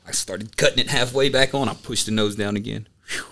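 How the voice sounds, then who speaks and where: A man chatting casually as a podcast guest and student pilot, telling stories in an animated way with lots of "you know" and "like" fillers. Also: fairly low pitch, a little fast. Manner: animated storytelling, filler-heavy. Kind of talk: casual chat.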